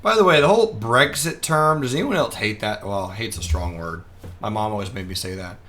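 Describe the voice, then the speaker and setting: A man's voice: on the low side, lively intonation, brisk, fairly bright tone. A young man giving casual, joking live commentary on the market as he trades, reading viewer comments aloud and chatting back. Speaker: day trader streaming live.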